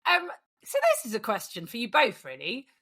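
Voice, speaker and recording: A woman with a fairly high voice co-hosts a relaxed podcast. She laughs easily and steers the chat with her questions. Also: fairly quick, husky. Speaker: podcast co-host. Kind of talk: casual chat.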